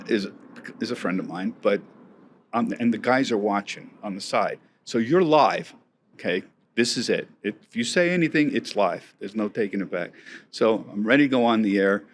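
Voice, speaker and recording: Here a markets correspondent in his sixties, speaking as an interview guest, spins stories in a fairly low-pitched voice over a faint hiss or hum. His delivery is conversational and full of laughter, with frequent false starts.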